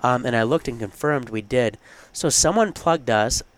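A man's voice: medium pitch, moderate pace. Male academic co-host, conversational and earnest, loose unscripted delivery. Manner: conversational, earnest, thinks aloud with asides. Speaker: podcast co-host, college theology professor. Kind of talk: casual podcast chat.

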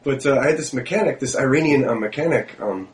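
A man's voice: medium pitch, fast. A man co-hosting a comedy podcast, telling rambling stories with lots of fillers and swearing. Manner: rambling storyteller, swears freely, many fillers. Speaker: podcast co-host. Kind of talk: casual comedic chat.

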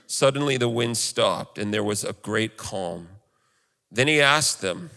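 A man's voice: on the low side, a little slow, fairly bright tone, in a large hall. A male pastor preaching a sermon in an earnest, conversational way.

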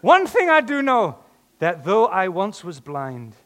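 A man's voice: high-pitched, wildly swooping pitch, unhurried, a bit bright, big-room sound, voice pushed up, exaggerated voice. A man voicing a cheeky, defiant healed blind man in a put-on stage Irish accent, mocking his questioners.

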